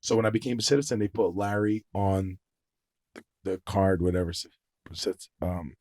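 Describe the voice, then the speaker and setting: Low-voiced man telling stories. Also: moderate pace, dry recording, clean studio sound. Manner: animated, swears freely. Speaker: podcast guest, singer-songwriter. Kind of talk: casual storytelling chat.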